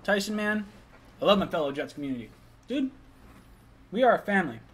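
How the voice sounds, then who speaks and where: A man's voice: high-pitched, very animated, brisk, breathy edge. A young man hosting a casual live stream, chatting loosely, reading chat messages and talking while eating.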